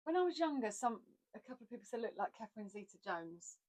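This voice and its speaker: A woman co-hosting a podcast about acting, chatting casually with teasing remarks and quick agreeing asides. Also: fairly high pitch, very animated, a crowd in the background. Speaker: podcast co-host and actor.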